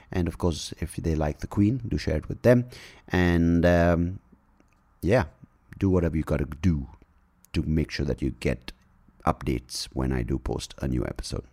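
A man's voice: fairly low pitch, a little mellow. A man hosting a podcast, giving a casual, rambling and jokey introduction full of fillers and asides. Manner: rambling and jokey, with frequent fillers and self-corrections. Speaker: podcast host.

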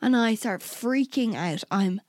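A young woman with a fairly high voice tells a personal story in relaxed podcast chat. She is candid, swears freely and acts out both sides of remembered conversations. The sound is close and dry. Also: unhurried, dry recording. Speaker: podcast co-host.

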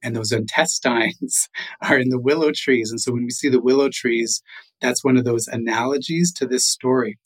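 Middle-aged man from Canada, relaxed oral storyteller with asides and chuckles, mid-range voice. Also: mid-range voice, low-quality recording. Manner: unhurried, with chuckles and "you know" asides. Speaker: guest storyteller.

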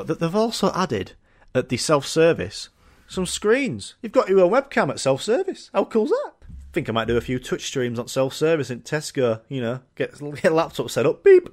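A young man hosting a podcast, rambling through a sweary, jokey comic monologue. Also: fairly high pitch. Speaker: podcast host. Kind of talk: casual comedic monologue.

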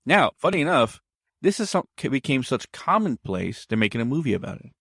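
A man's voice: medium pitch, very animated, a little fast, a bit bright, breathy edge, no echo, clean studio sound. A man telling a story in casual conversation, meandering and often backtracking to explain himself.

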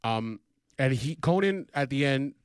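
A man co-hosting a casual podcast, talking loudly and rambling with lots of "like"s. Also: mid-range voice, measured pace, clear, resonant tone, no echo, studio quality. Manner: loud, animated, rambling with many "like"s. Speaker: podcast co-host. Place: podcast studio in New York.

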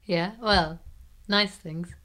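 A woman's voice: fairly low pitch, steady tone, very slow, fairly bright tone. A woman co-hosting a podcast in casual chat, giggling often and needling the host with questions.

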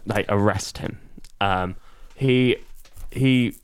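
A man co-hosting a comedy podcast, walking through a plot recap step by step. His voice is low and smooth, and the recording is dry and close. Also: very slow, no echo. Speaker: podcast host recapping a TV series. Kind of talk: casual comedy podcast chat.

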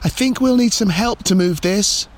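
A man voicing an excited, cheerful little girl in a storybook reading, high and eager. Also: moderate pace, a little hiss or hum, natural voice. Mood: determined.

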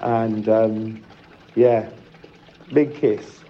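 A man's voice: fairly low pitch, steady tone, extremely slow, lo-fi sound. A man who cares for his mother, telling an emotional story in a voice note. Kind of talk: sent-in voice note.

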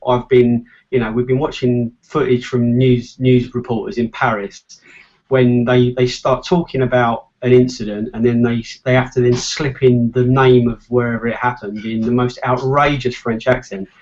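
Opinionated English football podcaster, stammering restarts, mid voice, muffled lo-fi sound. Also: male voice, medium pitch, fairly even intonation, normal speed, a little mellow. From England. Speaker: podcast co-host. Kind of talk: casual football chat.

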